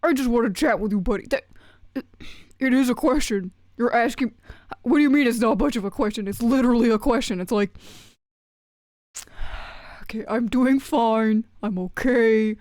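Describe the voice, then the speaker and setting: Woman doing a greedy male pet frog, whiny, huffy, high voice, dry close sound. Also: normal speed, long pauses, darkish tone, no room sound, close to an everyday voice. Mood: fussy. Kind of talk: streamer doing a character voice.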